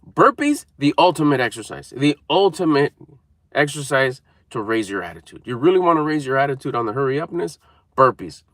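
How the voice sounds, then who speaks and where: A man's voice: mid-range voice, very animated, fairly quick, fairly bright tone, dry recording, studio quality. A man giving an emphatic, repetitive motivational talk to camera, coaching viewers. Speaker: motivational speaker.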